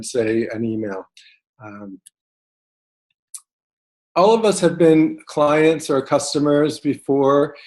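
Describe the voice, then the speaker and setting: A man's voice: mid-range voice, a little mellow. A man who works as a realtor, giving a talk full of ums and restarts. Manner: hesitant, frequent ums and restarts. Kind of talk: presentation talk.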